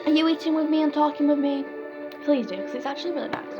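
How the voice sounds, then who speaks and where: Young woman, British accent, high voice, teasing casual chat, music behind. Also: fast, muffled recording. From Britain. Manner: joking, teasing commentary. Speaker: vlogger. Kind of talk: casual chat to camera while eating. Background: film soundtrack music.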